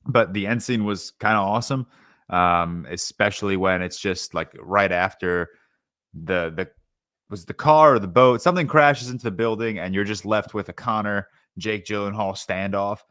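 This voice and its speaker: Low-voiced young man rambling a movie review. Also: moderate pace, fairly bright tone, no room sound, clean studio sound. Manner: rambling with many fillers and restarts. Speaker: podcast co-host, film reviewer. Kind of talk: casual movie review chat.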